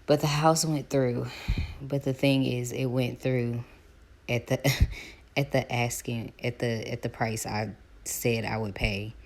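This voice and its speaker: A woman, chatting casually to her viewers while doing her hair, animated as she retells her calls. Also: rumbling low, slow pace. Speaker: vlogger.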